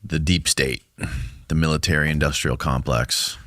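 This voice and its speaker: A podcast host with a very deep voice asks quick questions and drops in short agreeing remarks. His tone is casual and conversational. The sound is dry and close to the mic. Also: steady tone, fairly bright tone, no echo. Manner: brief, agreeing interjections and questions.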